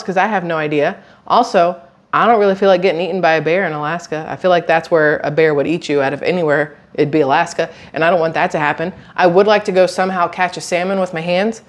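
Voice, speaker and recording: Chatty woman vlogging. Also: fairly low pitch. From southern United States. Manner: chatty, rambling, animated with frequent asides. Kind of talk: casual chat to camera.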